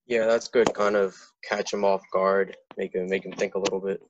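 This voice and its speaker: A man's voice: low-pitched, flat delivery, normal speed, a little hiss or hum. Man asking a panel about sales. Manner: poses questions, brief reactions. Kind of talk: casual panel chat. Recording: dry, slightly dull lo-fi audio.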